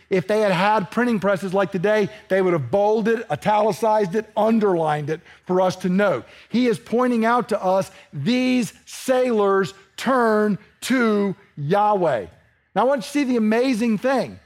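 A man preaching a sermon to a congregation, asking them questions and acting out the dialogue of the story. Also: high voice. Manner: animated, asks the congregation questions, acts out dialogue.

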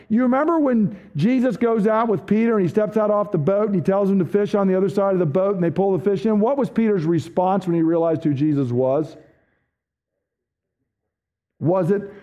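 A man preaching a sermon as a pastor, emphatic, dropping low and slow when he quotes scripture. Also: muffled recording.

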